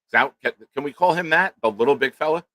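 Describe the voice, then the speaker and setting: A middle-aged man rants through a crude comic story, loud and animated. His voice is bright and forceful, and the sound is dry and close with no room echo. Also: on the high side, fast. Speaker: podcast co-host. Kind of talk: profane comedic storytelling.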